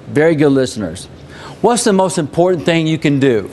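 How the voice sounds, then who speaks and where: A man with a voice on the high side leads a live sales training at normal speed, coaching his team energetically with repeated phrases and questions to the room. There's a little hiss or hum.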